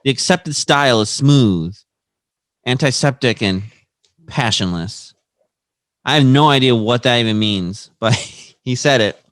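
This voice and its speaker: A man's voice: medium pitch, unhurried, a bit bright, dry recording. A man co-hosting a casual podcast, reading quotes aloud and laughing between them. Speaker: podcast co-host.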